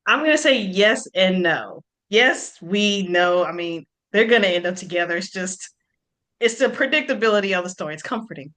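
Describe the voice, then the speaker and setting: A woman hosting a casual book club chat, talkative and animated, laughing often as she retells scenes. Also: medium pitch, normal speed. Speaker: book club podcast host.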